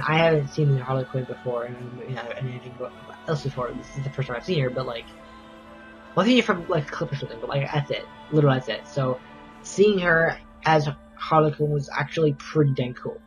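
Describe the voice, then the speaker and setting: A man with a somewhat high voice talks through a movie review in a loose, eager ramble, circling back over his own phrases. The sound is dull and lo-fi, with faint music underneath. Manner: rambling, enthusiastic, stop-start phrasing. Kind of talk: casual spoken review.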